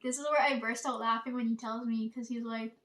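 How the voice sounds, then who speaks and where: A woman's voice: fairly high pitch, steady tone, a little fast, a bit bright. A woman telling a story in a casual, chatty way, swearing freely and often breaking into laughter. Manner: chatty, profane, laughs while retelling. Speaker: channel host. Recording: voice somewhat distant from mic.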